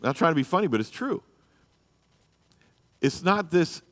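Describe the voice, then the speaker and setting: Teaching a church marriage class in a big-sounding room, a man speaks bluntly and exhortingly, often checking in with "you know" and "okay?". His fairly high, slightly bright voice swings widely in pitch at a moderate pace, and he raises it to act out people he quotes.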